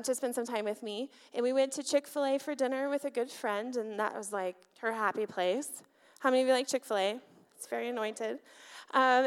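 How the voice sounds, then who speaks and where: A woman's voice: sits high, clean tone. A woman in her thirties or forties preaching a sermon before a congregation. She tells a personal story in a candid, conversational way, with filler words. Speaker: church speaker, pastor's wife. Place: church sanctuary before a congregation.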